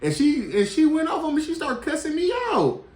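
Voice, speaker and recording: A man's voice: very high voice, sing-song, brisk, darkish tone, echoey room. A man co-hosting a reaction video, laid back and chiming in with his own stories in casual chat.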